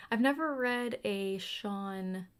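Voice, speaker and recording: A woman's voice: mid-range voice, clear, resonant tone. Chatty woman musing over books. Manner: chatty, muses aloud, drops into quiet asides. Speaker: booktuber. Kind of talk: casual chat while carving pumpkins.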